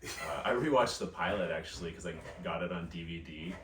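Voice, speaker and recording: A man hosts a casual chat with an easygoing, halting delivery full of fillers. His voice sits very low. The sound is roomy and a little off the mic, with faint background noise. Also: recorded from a distance. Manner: laid-back, hesitant with many fillers. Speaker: podcast host.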